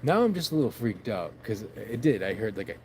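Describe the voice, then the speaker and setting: A man's voice: fairly low pitch, very animated, fairly quick, slight background noise. A man vlogging by his backyard shed late at night into his phone, rambling casually, swearing and laughing at himself.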